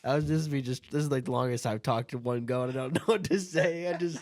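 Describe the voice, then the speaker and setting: A man's voice: medium pitch, quick pace, a little mellow, no room sound, clean studio sound. A young man co-hosting a podcast in casual banter, self-deprecating and joking about his whiny tone. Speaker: podcast co-host.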